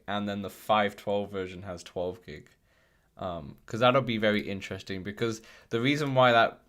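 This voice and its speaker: A man's voice: on the low side, a bit bright. A man hosting a casual VR podcast livestream, rambling with frequent ums and restarts. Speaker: podcast host.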